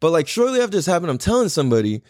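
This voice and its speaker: A man's voice: on the high side, rapid-fire, dry recording, clean studio sound. A man hosting a podcast, telling a story in a casual, profane, slangy way, rambling with restarts. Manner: animated, voice jumps up when riled. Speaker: podcast host.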